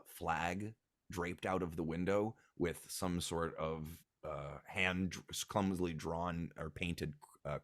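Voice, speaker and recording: Male game master with a very low voice, narrating a tabletop game with halting, filler-heavy delivery. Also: dry recording, clean studio sound. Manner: hesitant, full of ums and uhs.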